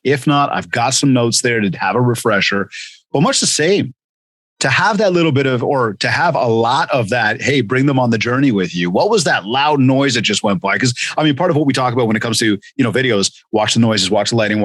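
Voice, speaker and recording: A man hosting a podcast interview, chatting casually and telling lively stories with acted-out quotes. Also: mid-range voice, fairly quick, no echo. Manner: animated storyteller, acts out quotes. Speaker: podcast host.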